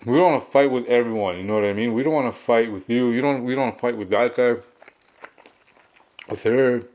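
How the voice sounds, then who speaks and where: Young man, mukbang vlogger, casual storytime, mid-pitched voice, loose filler-heavy delivery. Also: a little fast, a little mellow. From Canada. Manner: chatty, filler-heavy storytelling with acted quotes. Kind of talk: casual storytime while eating.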